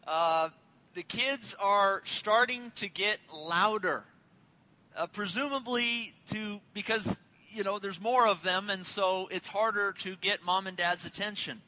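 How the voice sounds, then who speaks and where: Bright, joking male pastor. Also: high voice, measured pace, low-quality recording. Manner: conversational and joking, with family stories. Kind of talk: sermon.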